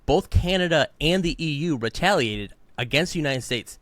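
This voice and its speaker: A man's voice: on the high side, lively intonation, moderate pace, a bit bright, no echo. A man co-hosting a podcast, fired up and ranting in heated political commentary, mocking the people he quotes. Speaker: podcast co-host.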